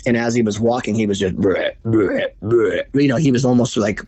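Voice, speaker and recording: A man who is a podcast guest, telling a bowhunting story in a casual, animated, profane way. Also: mid-range voice, no echo. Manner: animated, profane, fast retelling.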